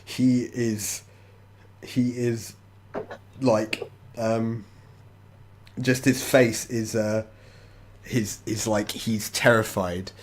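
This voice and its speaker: A man narrating a tabletop role-playing game as game master, talking casually with pauses. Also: on the low side, fairly even intonation, a little hiss or hum. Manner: casual, halting with fillers.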